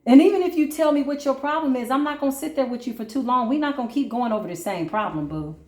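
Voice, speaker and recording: A woman's voice: high-pitched, expressive, fast talker. Emphatic woman spiritual reader, roomy sound. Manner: emphatic, colloquial, calls listeners baby and boo; swings between preachy intensity and quiet asides. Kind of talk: casual spiritual pep talk during a card reading.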